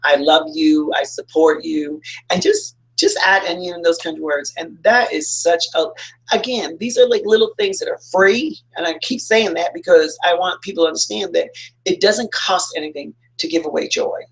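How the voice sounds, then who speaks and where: Gravelly, husky-voiced man giving upbeat advice. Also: high-pitched, moderate pace, fairly bright tone, low-quality recording. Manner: earnest and upbeat, rambling with fillers and restarts. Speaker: licensed counselor giving motivational advice. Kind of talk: informal motivational talk.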